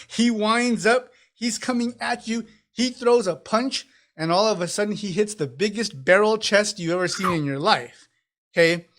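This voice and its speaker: High-pitched guy running a tabletop game, animated, laughs a lot. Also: moderate pace. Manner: animated, laughs often, repeats words. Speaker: game master.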